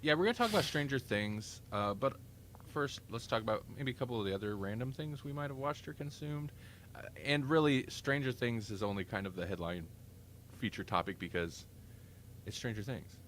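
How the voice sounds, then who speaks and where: In a casual podcast chat, a male host with a mid-range voice talks briskly, with lively intonation and a fairly bright tone. He rambles enthusiastically and often corrects himself mid-sentence, over a little hiss or hum.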